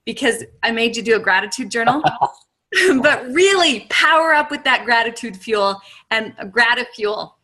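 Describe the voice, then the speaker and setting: Bright, upbeat woman teacher. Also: on the high side, lively intonation, unhurried. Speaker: teacher hosting a guest. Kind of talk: class talk to students.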